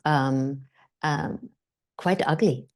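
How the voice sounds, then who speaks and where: Lively, storytelling woman actor, lower pitched. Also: very slow. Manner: animated, acts out quotes, many fillers. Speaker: guest actor. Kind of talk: conversational storytelling.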